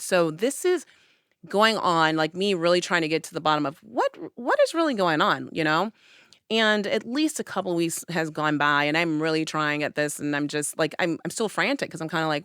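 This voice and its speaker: A woman's voice: lowish voice, normal speed, fairly bright tone, clean tone, no room sound, studio quality. A young woman on a podcast, chatting casually and telling a personal story, acting out her own past lines with animation. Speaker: podcast host. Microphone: studio podcast mic.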